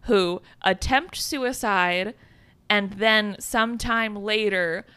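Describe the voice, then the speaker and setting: A woman's voice: medium pitch, takes it slowly, pushed and bright, clean tone, no room sound. A woman co-hosting a podcast, recapping a film in casual chat, giggling and swearing. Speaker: podcast co-host.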